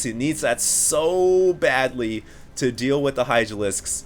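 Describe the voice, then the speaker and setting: A man's voice: medium pitch, takes it slowly, slight background noise. Sore-voiced man casting a live match. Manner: energetic, rising excitement at big plays, frequent ums. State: sore, strained voice. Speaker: esports caster. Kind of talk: live play-by-play game commentary.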